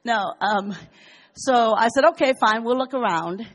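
An older woman sharing a personal testimony in a chatty, animated storytelling way. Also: on the high side, unhurried. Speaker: church member sharing a testimony.

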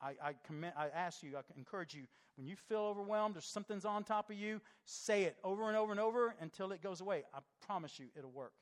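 A middle-aged man preaching a sermon as pastor, impassioned, swelling loud and dropping soft. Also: sits high, fast talker, hardly any pauses. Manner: impassioned, rising and falling in loudness.

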